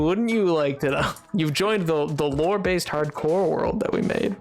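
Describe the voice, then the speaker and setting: A man streaming a game, chatting casually into a desk microphone, excitable, laughing often and bursting into exclamations. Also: high voice, slow, vocal fry, hardly any pauses. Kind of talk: casual gaming livestream chat.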